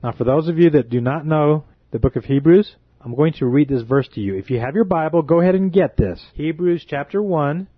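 A man's voice: fairly high pitch, lively intonation, brisk, few pauses, husky, no echo, narrow, tinny audio. A man preaching with fervent indignation, drawing out his phrases for emphasis.

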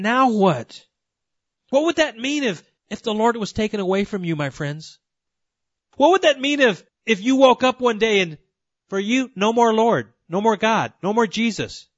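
A man with a high voice preaches an earnest sermon and speaks directly to his listeners. The recording is dry and close, with a slightly muffled, dull tone. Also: animated, unhurried, fairly bright tone, no echo. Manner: earnest, addresses listeners as folks and friends.

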